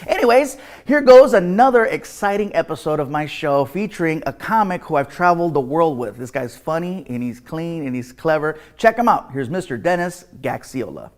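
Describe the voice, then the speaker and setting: Male comedy host, lively and playful, slightly high voice, jokey delivery. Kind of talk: energetic comedy show hosting.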